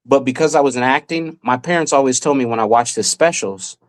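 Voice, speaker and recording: A man's voice: mid-range voice, a little fast. A man in his forties, a guest magician and former child actor, telling vivid anecdotes in a casual podcast chat.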